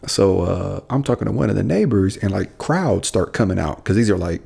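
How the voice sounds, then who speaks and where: A man's voice: low voice, fairly quick, gravelly, breathy edge. A man, a police officer, telling a story casually on a podcast and acting out what people said. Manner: animated storyteller, acts out quotes.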